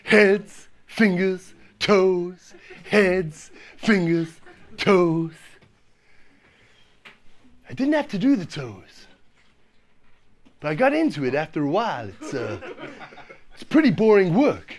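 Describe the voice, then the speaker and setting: A man's voice: sits high, big pitch swings, slow pace, long pauses, heavily acted. A man doing a crude swaggering American guy. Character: crude rowdy American male bus passenger.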